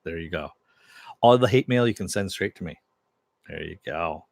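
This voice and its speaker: A man's voice: low-pitched, animated, normal speed, creaky, no room sound. A man casually recapping a TV episode, retelling scenes loosely with lots of fillers and quoted lines. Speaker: TV show reviewer.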